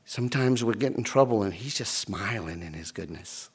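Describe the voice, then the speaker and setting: Animated male preacher, lively pitch. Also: moderate pace, slightly rough. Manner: animated storytelling, acting out voices. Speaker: pastor. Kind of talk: sermon.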